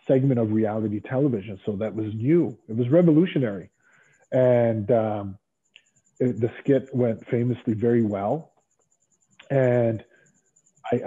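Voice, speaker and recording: Man, middle-aged, husky voice, animated storyteller, acts out quoted dialogue, interview guest, tinny phone-line sound. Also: medium pitch. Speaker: interview guest, former pro wrestler.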